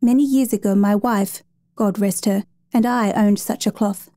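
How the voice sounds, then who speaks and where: Lady putting on a gentle soft-spoken watchmaker guy, middle-aged, mellow tone. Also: medium pitch, steady tone, normal speed, dry recording, close to an everyday voice. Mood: wistful.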